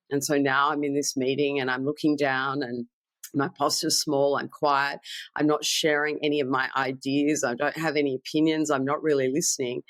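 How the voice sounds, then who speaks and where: A woman's voice: low-pitched, fairly bright tone, no room sound. A woman mindfulness coach explaining mental habits in a podcast chat, acting out her inner monologue in quoted asides.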